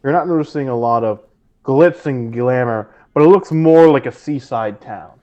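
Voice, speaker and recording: A man running a tabletop game as game master, narrating in an animated, rambling way. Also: medium pitch, moderate pace, muffled recording.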